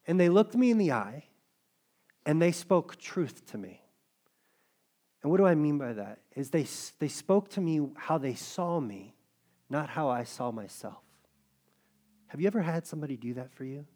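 A man's voice: on the high side, darkish tone. A middle-aged male pastor preaching a sermon in a conversational, joking way. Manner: conversational preaching, jokes with the congregation.

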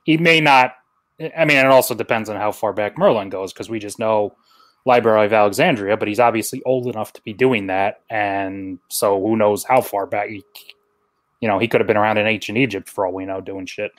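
A man's voice: on the low side, a little fast. A man in casual podcast chat who reasons things out step by step.

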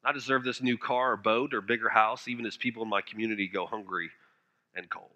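A man preaching a sermon with passion, now and then dropping his voice to a hush for emphasis. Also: fairly even intonation, quick pace, highs cut off. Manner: impassioned preaching, dropping to hushed low phrases for emphasis. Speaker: pastor.

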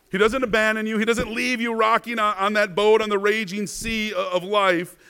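High-voiced male pastor preaching a sermon. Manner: rhetorical questions, frequent "right?", stammered repeats; swings between soft, hushed passages and louder bursts.

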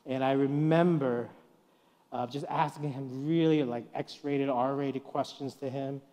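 Slow and steady in a mid-range voice, a middle-aged man gives a guest sermon, swinging from soft to loud as he tells stories and performs the voices he quotes. The church hall adds a long reverb.

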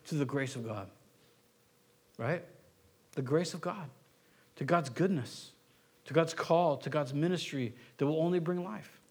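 A man's voice: on the high side, measured pace, pauses often, a little mellow, husky. A man pastor preaching a sermon in a conversational way, with joking asides, building to an earnest, impassioned plea. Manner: conversational, rising to impassioned pleading; self-correcting, joking asides.

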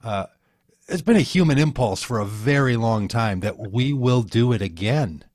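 A man's voice: mid-range voice, expressive, normal speed, a little mellow, no room sound, clean studio sound. A man talking earnestly in an interview, rambling and telling stories with many restarts. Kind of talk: conversational interview.

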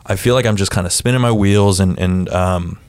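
A man's voice: low-pitched, a little fast, a little mellow, smooth, dry recording, studio quality. A man hosting a casual podcast, laid-back and self-mocking, sometimes acting out quoted lines. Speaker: podcast host. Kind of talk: casual chat.

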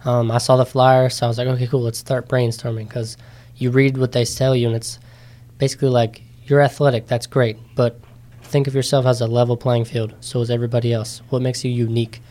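In a relaxed interview, a young man of nineteen talks through his experience in an easygoing, chatty way. He fills his speech with ums and likes, and his voice lifts when he acts out what others said to him. His pitch sits in an ordinary middle range. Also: a little fast. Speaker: interview guest, competitor. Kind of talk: casual interview storytelling.

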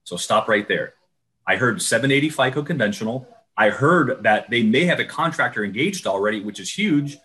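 A man giving a lively webinar talk on renovation loans over a video call, coaching his listeners and acting out client conversations. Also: medium pitch, normal speed. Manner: energetic, coaching, acts out client dialogue. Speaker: renovation loan trainer. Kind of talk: webinar presentation.

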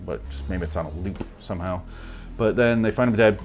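A man's voice: sits low, brisk, a little mellow, soft background music. Rambling, profane man recapping a movie. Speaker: movie reviewer.

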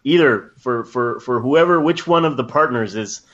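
A man's voice: mid-range voice, normal speed, fairly bright tone, muffled recording. A man in casual podcast chat, blunt and emphatic, swearing as he agrees.

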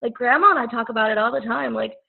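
A woman's voice: on the high side, quick pace, creaky. A young woman guest in casual chat, enthusiastic and agreeable, with many fillers, heard over a call line. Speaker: podcast guest. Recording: tinny phone-like call audio.

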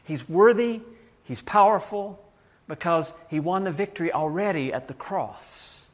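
A man's voice: high voice, unhurried. A man preaching a sermon in a conversational way, often restarting and repeating words as he goes. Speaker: pastor.

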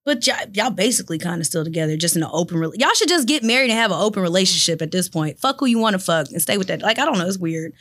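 A woman's voice: fairly low pitch, animated, rapid-fire, few pauses, fairly bright tone. A woman co-hosting a casual podcast chat, giving blunt opinions and laughing often. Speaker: podcast co-host.

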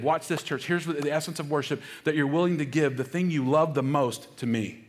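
A man's voice: fairly high pitch, fairly quick, few pauses. A middle-aged male pastor preaching a sermon, stressing key phrases and calling on the congregation to repeat lines after him. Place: church sanctuary. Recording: long hall reverb.

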